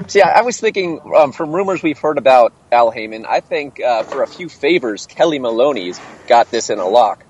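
A man's voice: medium pitch, expressive, normal speed, darkish tone, lo-fi sound. A man on a podcast who chuckles and asks the others questions. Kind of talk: casual podcast chat.

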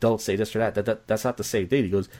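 A man's voice: lowish voice, steady tone, quick pace, a little mellow. A man talking candidly in casual conversation, rambling and repeating himself, blunt and profane.

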